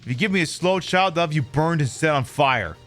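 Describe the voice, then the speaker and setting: A man's voice: a little high, lively intonation, fairly quick, fairly bright tone, soft background music, pitched above the performer's own voice. A man voicing a pompous male letter writer who wants more wives, delivered grandly and with self-satisfaction. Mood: boastful.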